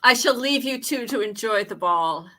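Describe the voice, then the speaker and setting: A woman voicing an effusive, flowery English gentleman botanist in a tabletop role-play. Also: a little high, expressive, normal speed. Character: genteel older English male botanist, effusive.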